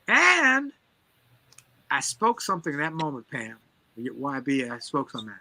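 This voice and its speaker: Emphatic man in bright, preacher-like motivational flow. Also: fairly high pitch, expressive, unhurried, no room sound. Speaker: motivational speaker guest. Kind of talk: energetic motivational storytelling.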